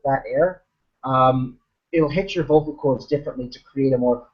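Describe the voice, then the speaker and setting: A game master with a medium-pitched voice explains tips at normal speed in casual chat on a video call, talking things through with frequent ums and restarts. The video call audio is muffled.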